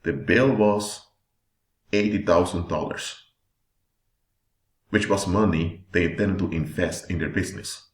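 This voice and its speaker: A man delivers a sermon-style teaching with slow, deliberate emphasis, stretching out key words. His voice sits very low. The recording sounds roomy and echoey. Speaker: preacher.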